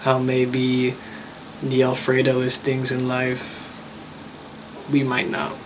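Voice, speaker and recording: A young man talking casually to camera, relaxed and rambling, with many likes and uhs. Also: medium pitch, a little slow, low-quality recording. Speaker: vlogger. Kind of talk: casual vlog chat. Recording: faint background noise.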